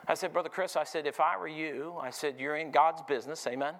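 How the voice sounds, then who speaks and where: A man preaching a sermon, his voice sitting a little high for a man. He tells his story in short clauses, again and again "I said", and keeps turning to the room with "amen?". He asks the congregation questions and waits for them to answer. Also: a little fast, vocal fry, few pauses, a bit bright, a little hiss or hum. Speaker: pastor.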